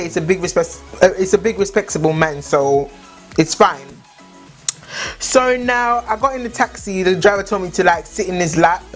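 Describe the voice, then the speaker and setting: Chatty young woman. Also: fairly low pitch. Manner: chatty, lots of "like" fillers. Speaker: vlogger. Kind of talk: casual storytime chat.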